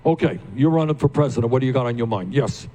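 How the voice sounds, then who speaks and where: A man's voice: medium pitch, animated, quick pace, mellow. Emphatic older man at a town hall. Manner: emphatic, builds to raised passionate peaks; addresses the crowd directly with questions. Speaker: candidate hosting a town hall.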